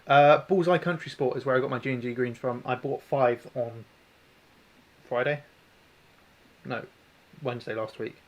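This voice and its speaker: A New Zealand man with a mid-range voice hosts a casual airsoft tech livestream, servicing an airsoft gun while he chats, rambles, and answers viewers in chat. His intonation is fairly even and his pace moderate, with frequent pauses, and he's self-deprecating throughout.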